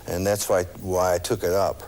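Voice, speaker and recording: A man chatting as a talk show guest, amiable and halting, often restarting his sentences. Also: low-pitched, level tone, darkish tone, a little hiss or hum. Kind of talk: casual interview chat.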